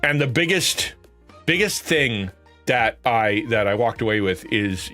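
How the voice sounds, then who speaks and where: A man streaming and chatting casually with viewers, rambling and correcting himself, often jumping up into an excited high voice. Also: a little fast, faint music behind. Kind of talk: casual chat.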